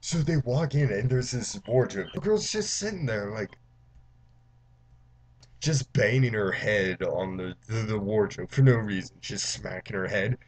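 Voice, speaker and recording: A man's voice: lowish voice, a little mellow, a little hiss or hum. A man giving a casual, profane, rambling movie recap, full of "like" and restarts, briefly mimicking characters' lines. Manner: acts out characters' lines in quick mock voices. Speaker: movie reviewer. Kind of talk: casual spoiler-filled recap.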